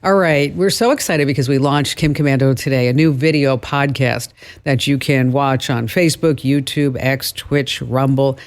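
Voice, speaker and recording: A man's voice: medium pitch, fairly even intonation, moderate pace. A man hosting a call-in radio show about technology, talking conversationally and often restarting his phrases. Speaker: radio tech show host. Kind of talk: call-in radio talk and tech tips.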